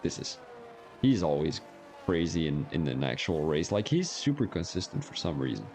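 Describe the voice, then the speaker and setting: A man's voice: deep voice, big pitch swings, normal speed, a little mellow, soft background music. Young man commentating a sim race. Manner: casual, joking, chats with viewers while commentating. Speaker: sim racing stream commentator. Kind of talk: live stream commentary.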